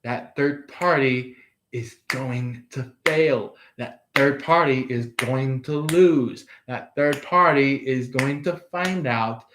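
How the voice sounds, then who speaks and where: A man's voice: mid-range voice, slow, background noise. A man giving a casual tarot reading, rambling with many fillers and restarts. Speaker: tarot reader.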